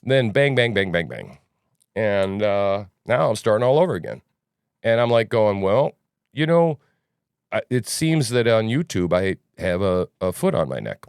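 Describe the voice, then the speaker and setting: A man's voice: fairly low pitch, very animated, measured pace, gravelly, clear, resonant tone, no room sound, clean studio sound. A man hosting a news commentary podcast, talking casually in a rambling, sarcastic way. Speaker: podcast host.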